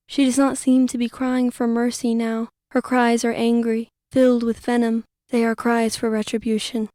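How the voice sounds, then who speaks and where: A young woman narrates an audiobook in the first person, quiet and wistful. Her voice is mellow and keeps a narrow, even pitch range, recorded dry and close. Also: no room sound.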